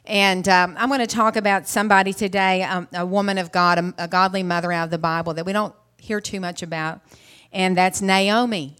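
A middle-aged woman, a mother, preaches a casual Mother's Day sermon. She retells a Bible story in a chatty way, often restarting her words and clearing her throat. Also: lowish voice, steady tone, fairly quick, fairly bright tone.

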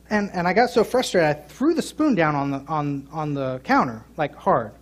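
A middle-aged man preaching a sermon, telling a funny story and joking with his congregation, with loud emphatic peaks. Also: a little high, expressive, normal speed, hardly any pauses. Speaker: pastor. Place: church sanctuary.

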